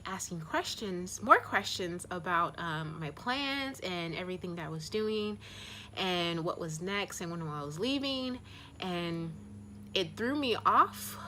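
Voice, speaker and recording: A young woman from the United States speaks openly in a personal vlog. Her voice sits a little low yet sounds bright and forceful. She talks in a heartfelt, rambling way, full of fillers. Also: slight background noise. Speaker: travel vlogger.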